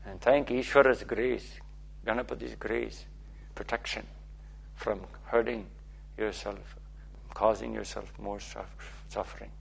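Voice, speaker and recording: Male spiritual teacher, gravelly and a bit husky, playful and repetitive, keeps checking in with listeners. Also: lowish voice, fairly even intonation, a little slow. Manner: playful, repetitive, asks okay often. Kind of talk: spiritual talk.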